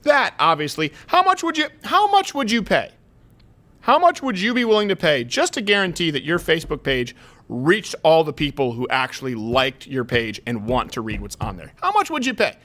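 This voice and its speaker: A man hosting a casual political chat show, talking in an animated, sarcastic, rapid-fire way. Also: a little high. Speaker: host.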